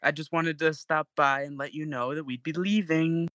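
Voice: medium pitch, steady tone, normal speed, a bit bright. A tabletop game player, speaking playfully and in character.

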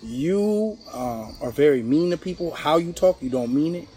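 A man hosting a casual podcast chat, telling stories in an animated way. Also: a little high. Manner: animated storyteller, quick and lively. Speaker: podcast host.

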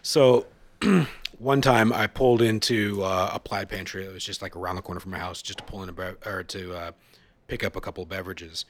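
A man with a fairly low voice tells rough, profane stories in a loose podcast chat. He swears freely and jumps into shouted impressions of the people he meets. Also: a little fast. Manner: profane, animated storyteller, mimics shouting people. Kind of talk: casual storytelling chat.

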